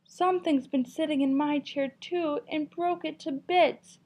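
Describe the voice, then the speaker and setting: A woman's voice: fairly even intonation, unhurried, a little mellow. A woman doing a squealing little bear cub. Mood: dismayed. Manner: squealing, high and eager. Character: small excited boy bear cub. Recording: dull lo-fi recording.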